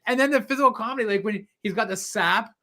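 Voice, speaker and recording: A man in his forties from Canada, co-hosting a casual podcast and retelling scenes with animated energy. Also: sits high, fast talker. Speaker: podcast co-host. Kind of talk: casual chat.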